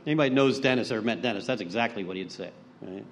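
A man's voice: on the low side, fast, a little hiss or hum. Blunt, storytelling man. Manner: acts out quoted voices. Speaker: recovery meeting speaker. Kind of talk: personal recovery talk.

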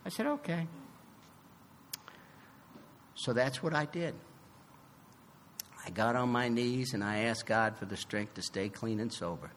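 Man, recovery meeting speaker, bright tone, slow and deliberate, long hall reverb. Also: medium pitch, slight background noise. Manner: animated storytelling, acting out both sides of dialogue; emphatic, swings from loud to soft. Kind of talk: personal recovery testimony.

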